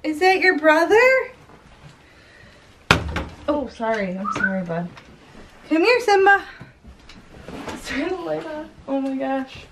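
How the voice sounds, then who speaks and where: High-voiced woman cooing at a puppy. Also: big pitch swings, unhurried, pauses often, background noise. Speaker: vlogger. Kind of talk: casual home vlog.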